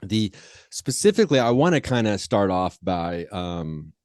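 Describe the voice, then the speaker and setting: A man's voice: fairly low pitch, big pitch swings, measured pace, darkish tone, no echo, clean studio sound. A man hosting a podcast, chatting casually in a rambling way with lots of fillers and restarts. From Ohio. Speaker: podcast host. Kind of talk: casual interview chat.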